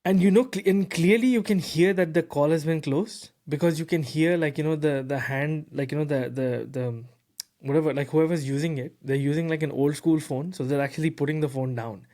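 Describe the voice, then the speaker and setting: A man hosting a tech podcast, telling a story in a lively, casual way with lots of fillers and repeated words. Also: fairly high pitch, brisk. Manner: animated, repeats words, heavy fillers like "bro" and "you know". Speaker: podcast host.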